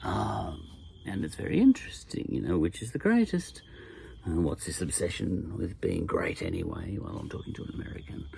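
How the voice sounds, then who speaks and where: A man's voice: deep voice, huge pitch swings, moderate pace, vocal fry, mellow, slight background noise. An Australian man in his sixties, talking casually in a rambling podcast monologue, full of wry asides and chuckles. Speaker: podcast host.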